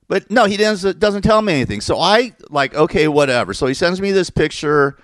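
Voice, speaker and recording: A man's voice: sits high, animated, a little fast, fairly bright tone, dry recording, clean studio sound. A man telling a rambling, exasperated story, often cursing and correcting himself as he goes. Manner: curses and self-corrects. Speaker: vlogger telling a personal story. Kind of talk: casual rant.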